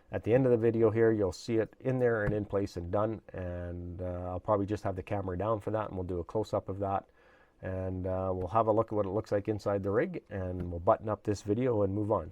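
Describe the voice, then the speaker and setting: A man hosting a hobby channel, explaining a model build in a casual, rambling way with lots of fillers, his voice a little hoarse. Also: lowish voice, darkish tone. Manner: rambling, many fillers and restarts. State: slightly hoarse, losing his voice. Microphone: camera mic, at times handheld camera.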